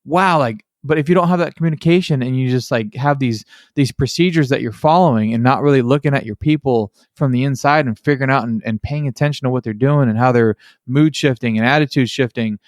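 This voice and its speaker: A man hosts a casual podcast chat, his voice sitting at an ordinary middle pitch. He rambles through his stories, padding them with "like" and "you know". The sound is close and dry, with no room around it. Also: a little fast, few pauses, no echo. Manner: rambling storyteller, heavy use of "like" and "you know". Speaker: podcast host.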